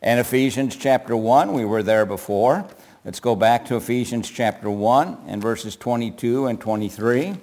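A man's voice: mid-range voice, darkish tone. A man preaching a sermon, asking his listeners questions and answering them himself.

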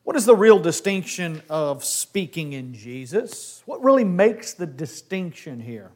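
A man's voice: fairly high pitch, measured pace. A man teaching a Bible class lesson, talking with energy and putting questions to his class. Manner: animated, asks the class questions.

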